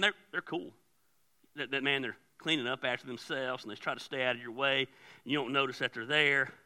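A man preaching a sermon as pastor, animated, often repeating words as he starts a phrase. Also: sits high. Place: church.

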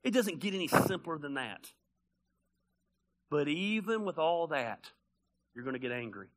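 A male pastor preaching a sermon, animated and conversational, blunt and joking, swinging from loud bursts to quiet asides. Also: a little high, a little slow.

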